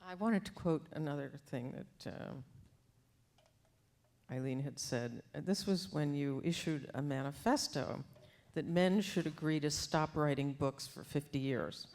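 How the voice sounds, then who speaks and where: A woman interviewing a poet on stage, measured, setting up her questions with quotes. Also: low voice, darkish tone. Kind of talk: onstage interview. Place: auditorium.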